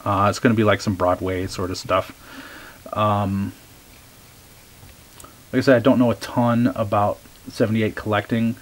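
A man chatting casually as he shows off his record finds, relaxed and eager, with many ums. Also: fairly low pitch, normal speed, pauses often. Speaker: record collector showing finds. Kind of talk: casual show-and-tell vlog.

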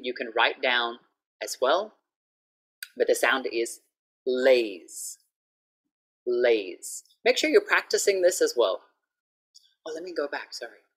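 Over a video call, a woman gives an online English pronunciation lesson, patiently repeating each word clearly. Her voice is low-pitched and a bit bright.

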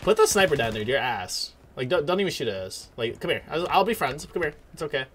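A young man on voice chat during a shooter game, loudly trash-talking and taunting opponents. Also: on the high side, very animated, fast talker, a little hiss or hum. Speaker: gamer on voice chat. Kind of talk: casual gaming chat.

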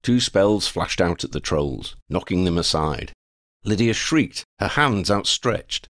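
A man reading a fan fiction chapter aloud as an audiobook narrator, with expressive storytelling. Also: low-pitched, slow pace, dry recording, clean studio sound.

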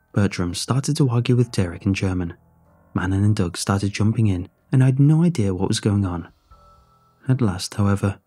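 A man's voice: fairly low pitch, mellow, slightly rough. A man narrating a horror story in the first person, in a tense, scripted reading.

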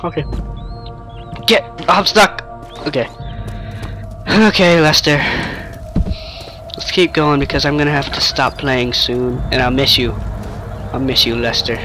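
A man's voice: mid-range voice, fairly even intonation, measured pace, pauses often, music in the background. A man giving casual, jokey commentary while playing a horror game, talking to himself and to an imaginary friend. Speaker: let's-play gamer.

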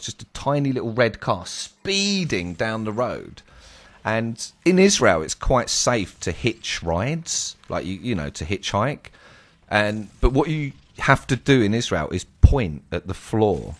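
A young man telling a personal story casually, animated and dramatic. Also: lowish voice, measured pace. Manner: animated, exclaiming, dramatic retelling. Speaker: streamer.

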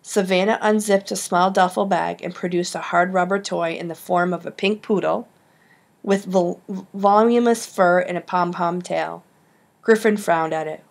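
A woman narrating an audiobook with lively storytelling. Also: lowish voice, moderate pace, gravelly. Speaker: audiobook reader.

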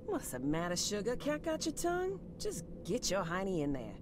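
A woman's voice: mid-range voice, huge pitch swings, normal speed, background noise. An actress voicing a flirty, sassy female secretary in a video game. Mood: teasing. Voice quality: teasing, sassy. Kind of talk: game voice acting.

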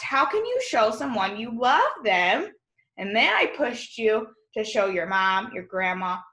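A woman's voice: mid-range voice, reverberant. A woman teacher leading a remote class lesson, spelling words out letter by letter and calling her students friends. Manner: warm encouraging teacher talk, addresses class as friends.

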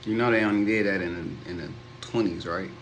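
A young man teasing his uncle on a livestream in a calm, dry way. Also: lowish voice, fast talker, slight background noise.

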